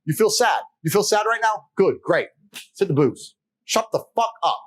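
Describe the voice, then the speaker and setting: A man's voice: sits high, expressive, normal speed, low-quality recording. A man being interviewed as a guest, telling stories in a blunt, emphatic way and swearing freely. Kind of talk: casual interview storytelling.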